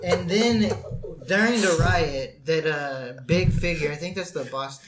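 Eager, profane male podcast guest, fairly high voice, crowd noise behind. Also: measured pace, echoey room. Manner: enthusiastic, swearing. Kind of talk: casual chat.

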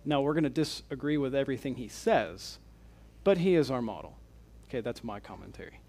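A man's voice: medium pitch, fairly quick. A man, a pastor, giving a teaching sermon, paraphrasing quotes in his own words and checking in with his listeners. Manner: explains and paraphrases quotes in a lively way.

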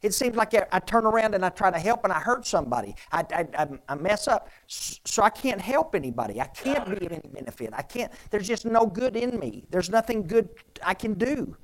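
A man's voice: high-pitched, sing-song, a little fast, few pauses, voice pushed up, poor audio. A despairing man insists he is worthless, his voice raised and pleading, as a preacher acts him out. He stammers through his self-reproach.

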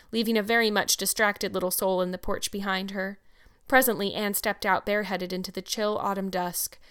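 A woman's voice: medium pitch, smooth. A woman narrating a classic novel and then sharing thoughtful, appreciative comments on the chapter. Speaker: audiobook reader and podcast host. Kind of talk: storybook narration and reflective commentary.

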